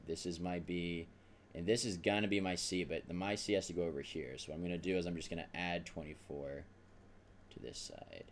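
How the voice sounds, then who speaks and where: Deep-voiced guy teacher walking thru algebra steps, chill and kinda goofy about his mistakes. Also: fairly even intonation, quick pace, slight background noise. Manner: casual, self-deprecating, talks through steps aloud. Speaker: math teacher. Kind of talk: recorded math lesson at a whiteboard.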